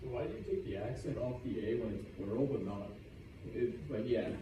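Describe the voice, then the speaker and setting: A man's voice: medium pitch, lively intonation, fairly quick, warm tone, muffled recording. Male student, hesitant questions, off-mic in an echoey classroom. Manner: hesitant, trailing off mid-question. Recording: distant voice in a roomy classroom with noise.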